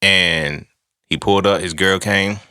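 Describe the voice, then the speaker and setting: A young podcast host with a low, slightly slow, smooth voice tells a personal story in a casual, profane monologue. He animates it by acting out what people said. The recording is dry and clean, with a studio sound.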